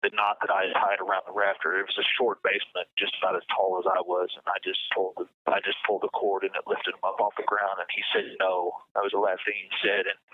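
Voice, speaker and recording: A man interviewed as a guest over a phone line, talking in a halting way and often repeating words. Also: sits low, monotone, breathy edge.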